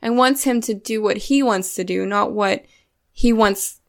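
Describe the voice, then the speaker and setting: A woman's voice: medium pitch, a little slow. A young woman co-hosting a casual film podcast, chatty and giggly, full of "like" fillers. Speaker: podcast co-host.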